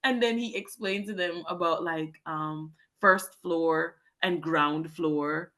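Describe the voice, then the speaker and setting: Jamaican woman, lower voice, english teacher telling stories and acting out the back-and-forth. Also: takes it slowly, pushed and bright. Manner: storytelling, acts out quoted exchanges. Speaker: guest, English teacher in Japan. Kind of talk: casual interview chat.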